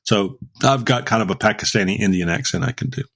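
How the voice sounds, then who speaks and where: Male podcast host, lowish voice, casual, rambling delivery full of "uh"s and restarts. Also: fast talker, vocal fry, a bit bright, slightly rough. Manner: rambling, many fillers and restarts. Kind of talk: casual chat.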